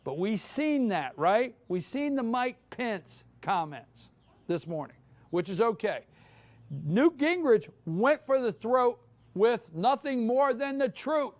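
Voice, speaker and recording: Fired-up high-voiced man. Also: very animated, takes it slowly. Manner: fired-up, emphatic, repeats his points. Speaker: morning show host. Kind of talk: live opinion monologue. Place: live broadcast from a downtown spot.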